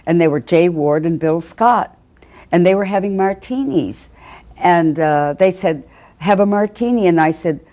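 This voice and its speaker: A woman's voice: lowish voice, measured pace, warm tone. An older woman recalling a story in an interview, chatty with small hesitations. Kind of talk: archival interview anecdote.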